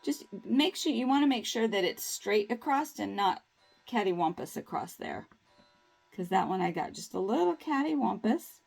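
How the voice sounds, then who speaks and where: A woman's voice: fairly high pitch, animated, moderate pace, vocal fry, hardly any pauses, darkish tone, husky, faint music behind. A woman chatting upbeat and reassuring through a nail tutorial, with folksy phrasing. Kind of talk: casual tutorial talk.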